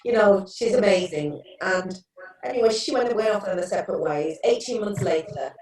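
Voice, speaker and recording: A woman's voice: mid-range voice, normal speed, a little mellow. Earnest woman in echoey room. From England. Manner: earnest, storytelling, many restarts. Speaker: guest therapist. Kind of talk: casual interview chat. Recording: echoey room, distant mic.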